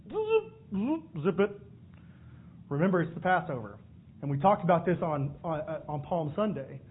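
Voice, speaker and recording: Husky high-voiced male preacher, tinny. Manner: animated storytelling, acts out voices. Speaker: pastor. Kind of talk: sermon. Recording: phone-like narrow band.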